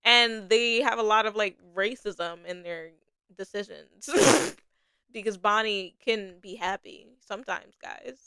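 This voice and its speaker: A young adult woman hosting a casual TV review podcast, animated and swearing casually, laughing often between her thoughts. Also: medium pitch, a little slow, clear, resonant tone. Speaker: podcast host.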